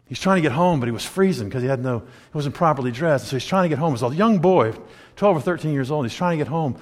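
A man's voice: fairly high pitch, animated, fast talker. A man preaching a sermon, telling a story animatedly and acting out the scenes. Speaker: pastor. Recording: long hall reverb.

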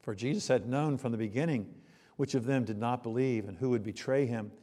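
A man preaching a sermon, dramatic, swinging between loud emphasis and hushed asides. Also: mid-range voice, brisk. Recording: long reverb of a large hall.

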